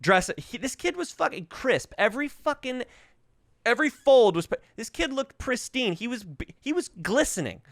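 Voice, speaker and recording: This podcast host is in his thirties and has covid, coughing as he spins profane, comedic stories in loose chat. His voice is gravelly and extremely high, delivered at a moderate pace. The studio recording is echo-free, and he gets animated, doing voices for quoted lines.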